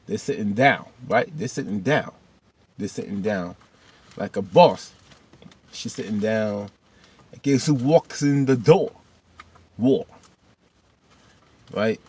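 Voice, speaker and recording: Man with a lowish voice, young adult, rambling casual episode recap, keeps backtracking and talking straight to viewers. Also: darkish tone, slightly rough. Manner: rambling, backtracks often, addresses viewers as y'all. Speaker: TV episode reviewer.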